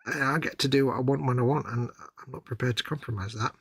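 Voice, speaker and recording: A middle-aged man co-hosts a livestream in wry, self-mocking grumbles. His voice is gravelly and husky, with a bright, forceful edge. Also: medium pitch, quick pace, dry recording. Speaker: livestream co-host. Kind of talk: casual chat.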